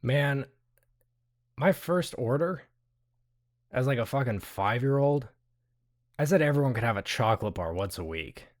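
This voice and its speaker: A young man running a tabletop game, loose and profane, slipping into in-character asides and laughing at his own names. Relaxed, conversational narration at a middling pitch. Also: a little slow, pauses often. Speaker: game master.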